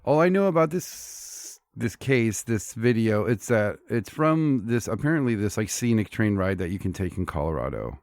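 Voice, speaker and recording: A man's voice: fairly low pitch, lively intonation, normal speed, hardly any pauses, a little mellow, no echo, studio quality. Easygoing man co-hosting a podcast. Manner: easygoing, laughs along, calls him dude. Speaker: podcast co-host. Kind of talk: casual chat.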